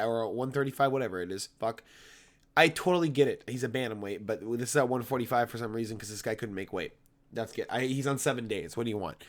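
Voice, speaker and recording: A man in a mid-range voice gives fight predictions in a brash, rambling way. He swears constantly and hammers his points home, and his voice has gone a little hoarse from talking. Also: mid-range voice, a bit bright. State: voice getting hoarse. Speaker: MMA fight analyst.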